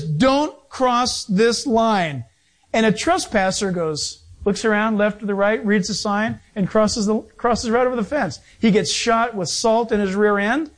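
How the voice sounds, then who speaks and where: A man preaching a sermon as pastor, emphatic and animated, with sudden shifts in pace. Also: very high voice.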